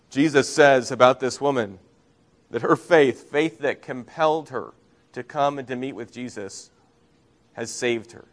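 A man's voice: medium pitch, normal speed. Earnest male pastor preaching a sermon. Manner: earnest preaching, rising emphasis and soft drops.

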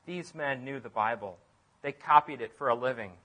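A man preaching a sermon as pastor, emphatic, repeating phrases and swinging from loud declarations to near-quiet asides. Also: mid-range voice, normal speed.

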